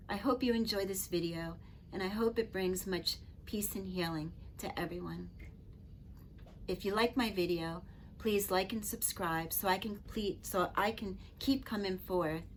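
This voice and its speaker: Middle-aged woman, spiritual healer, gentle and earnest, slightly low voice, faint hum in the background. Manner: earnest, gentle, chatty with frequent "you know". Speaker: Reiki master and spiritual teacher. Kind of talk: personal storytelling to camera.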